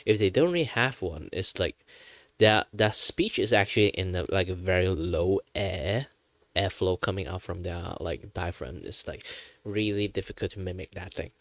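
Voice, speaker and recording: A man's voice: sits low, moderate pace, a bit bright, no room sound. Rambling man streaming, dry throat. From Malaysia. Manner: rambling, with many fillers and restarts. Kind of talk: casual chat.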